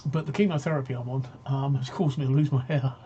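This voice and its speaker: A man's voice: mid-range voice, steady tone, fast, mellow, lo-fi sound, a little hiss or hum. A man hosting a casual live-stream talk show, rambling and joking as he reads out viewer comments.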